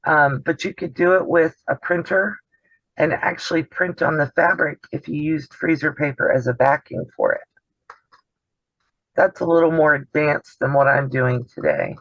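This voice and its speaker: Gravelly man demoing sewing on a call. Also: on the high side, normal speed, no room sound. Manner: chatty and explanatory, trails off mid-sentence. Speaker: host of a sewing channel. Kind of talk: casual craft demonstration on a video call. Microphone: video call. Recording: dull dry video call audio.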